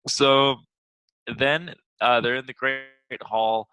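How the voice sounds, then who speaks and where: A young man hosting a casual movie review chat, rambling with lots of fillers and quick laughs. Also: mid-range voice, fairly even intonation, bright, forceful tone, smooth, no echo, rough recording. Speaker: movie review podcast host.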